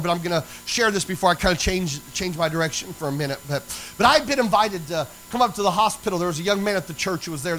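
A man with a high voice preaching from the pulpit, folksy and emphatic as he spins a story. A faint hum of the church hangs behind him. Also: fairly bright tone, rough recording. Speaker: pastor. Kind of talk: sermon. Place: church sanctuary.

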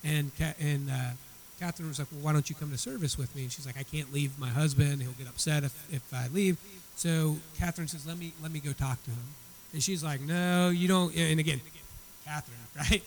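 A man's voice: a little high, fairly quick, a little hiss or hum, poor audio. A man teaching a church Bible study. He retells a story in a conversational way and often repeats words as he restarts his sentences.

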